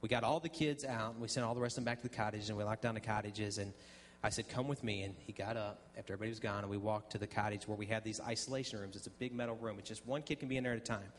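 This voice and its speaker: There's slight background noise as a man with a fairly low voice races through his church testimony as a guest speaker, his intonation fairly even. He tells it conversationally, often saying um and restarting, and voices the dialogue as quotes.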